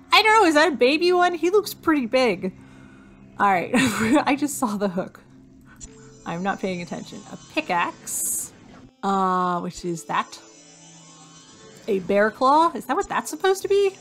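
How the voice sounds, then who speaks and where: A woman talks her way through a hidden object game, reading out what she's hunting for and cracking little jokes to herself. Her voice has a gravelly, creaky edge, and faint music plays behind her. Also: medium pitch. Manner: chatty, reads item lists aloud, jokes to herself. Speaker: game streamer. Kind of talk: casual gameplay commentary.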